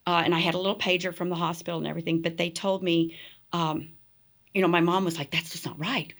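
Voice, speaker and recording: Lively, laughing middle-aged woman storyteller. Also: on the low side, fast. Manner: animated, laughs often, acts out quoted people. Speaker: podcast guest. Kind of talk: storytelling in conversation.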